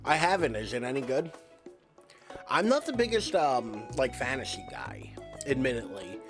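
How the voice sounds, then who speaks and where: A man chats casually while streaming a game, rambling and often filling gaps with "like" and "um." His voice sits at an ordinary middle pitch. Faint game music plays in the background. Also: sing-song, moderate pace. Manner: rambling, many "like" fillers. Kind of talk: casual gameplay chat.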